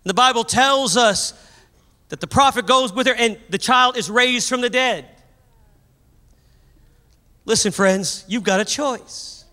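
A man preaching a sermon, telling a story with animated energy and raising his voice at the high points. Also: takes it slowly, pauses often. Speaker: pastor. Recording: long hall reverb.

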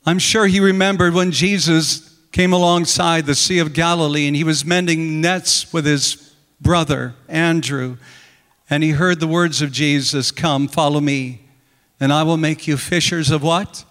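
A man's voice: fairly high pitch, steady tone, measured pace, a bit bright, in a large hall. A man preaching a sermon, retelling scripture with dramatic storytelling and acting out the quoted lines. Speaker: pastor.

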